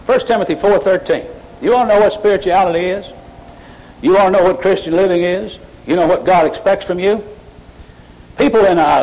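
A man preaching a sermon, rising sharply in pitch and volume as he drives his points home. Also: darkish tone, poor audio. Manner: mocking emotional worshippers in a high voice. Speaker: pastor.

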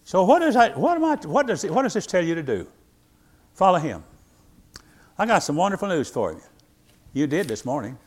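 A pastor in his eighties preaching a sermon, reading scripture in old-fashioned wording and swinging between loud emphatic lines and quiet ones. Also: fairly high pitch. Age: 80s.

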